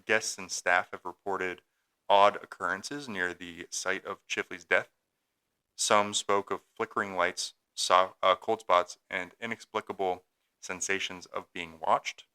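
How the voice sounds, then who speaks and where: A man's voice: sits low, steady tone, a little slow, sharp tone, smooth. A young man co-hosting a podcast, reading a ghost story from his notes with small stumbles, then joking around. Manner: reads a script with stumbles, then jokes and laughs.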